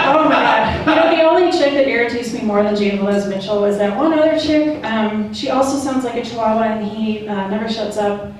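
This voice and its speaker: A stand-up comedian with a higher-pitched woman's voice speaks at normal speed on a comedy club stage, telling a casual, slangy, profane story and voicing the characters herself. The recording is echoey and distant, and the audience can be heard laughing.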